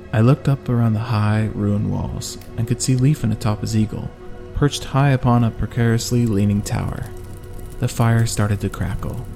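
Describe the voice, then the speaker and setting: A man narrates an audiobook in a steady, even way. His voice is gravelly and mellow, with soft music underneath. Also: on the low side. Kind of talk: first-person audiobook narration.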